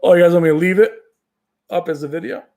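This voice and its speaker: A man's voice: sits high, quick pace, a little mellow. A man chats on a casual live stream, answering viewer comments in a loose, rambling way. He talks in a slightly raised register, with plenty of fillers and restarts. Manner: does brief movie-quote impressions. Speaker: tech channel host reading live chat.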